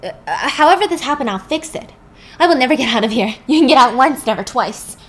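A woman's voice: high voice, lively intonation, fast, a bit bright. A woman voicing a bitter, accusing male asylum patient in a story recap.

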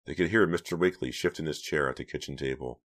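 Very deep-voiced man narrating a story. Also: fast talker. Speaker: audiobook narrator. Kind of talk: scripted narration.

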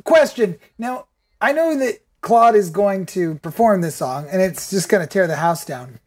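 A woman co-hosting a podcast in casual chat, quick to react and ask questions. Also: mid-range voice, expressive, darkish tone. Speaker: podcast co-host.

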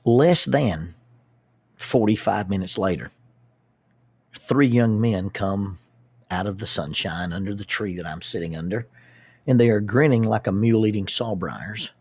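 A man with a low, husky voice tells a personal story to a group. He talks in an animated way and often doubles back on his words. The recording is dry and close, with no room sound. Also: no echo. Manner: animated, with repeated starts and lively asides. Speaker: public speaker and youth group leader.

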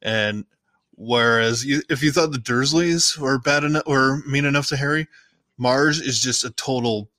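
A man with a bright, forward voice chats casually through a movie recap on his podcast. He rambles, restarts his sentences, and now and then jumps into other characters' lines. The recording is close and dry, with no room sound. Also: mid-range voice, moderate pace, dry recording. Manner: rambling, chatty, self-correcting, playfully acts out lines. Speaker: podcast host.

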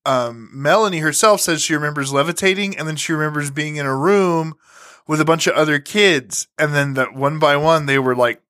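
A man's voice: on the high side, brisk, fairly bright tone. A man co-hosting a casual podcast, retelling an alien encounter story with swearing and laughter. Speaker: podcast co-host.

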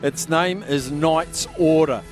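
A man hosting a live radio sweep draw from a busy pub, chatty and quick, raising his voice over the room. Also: on the high side, soft background music.

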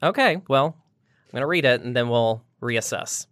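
A woman's voice: very deep voice, lively intonation, normal speed, no echo, clean studio sound. A woman chatting casually with a co-host, giggly and playful. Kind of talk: casual chat.

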